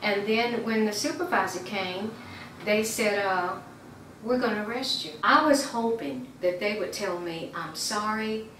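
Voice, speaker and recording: A woman's voice: mid-range voice, unhurried, fairly bright tone. A woman giving earnest personal testimony, retelling events and acting out the dialogue, with some stammering. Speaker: community member giving testimony. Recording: roomy, distant mic, faint background noise.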